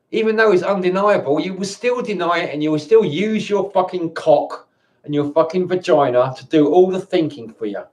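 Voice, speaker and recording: With a high, expressive, darkish-toned voice at normal speed, a male vlogger delivers an angry monologue to camera. He swears throughout and keeps stammering and restarting his sentences.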